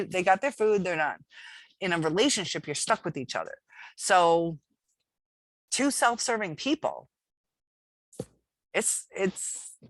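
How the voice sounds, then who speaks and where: Low-voiced woman musing candidly to camera. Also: a bit bright, no room sound. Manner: rambling, many fillers and restarts, candid. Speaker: channel host. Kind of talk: casual talk to camera.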